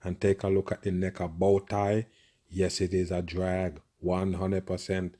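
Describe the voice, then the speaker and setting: A man's voice: low voice, level tone, measured pace, mellow. A man giving profane, conspiratorial reaction commentary on a video, with constant murmured agreement.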